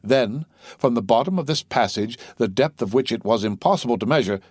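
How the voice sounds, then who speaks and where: A man narrating a classic novel as an audiobook with a steady, even reading. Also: mid-range voice, fairly quick, breathy edge, no room sound, studio quality.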